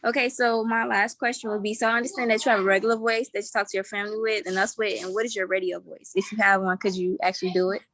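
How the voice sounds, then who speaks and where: A woman's voice: medium pitch, level tone, fast talker, hardly any pauses, a bit bright. A woman student asking a prepared question during a journalism Q&A.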